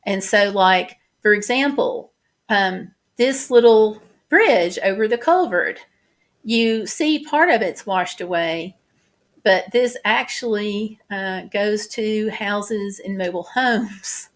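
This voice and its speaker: A woman vlogger talking casually, halting and restarting as she describes flood damage. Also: medium pitch. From United States. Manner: chatty, halting, many restarts and fillers. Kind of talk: casual chat over photos.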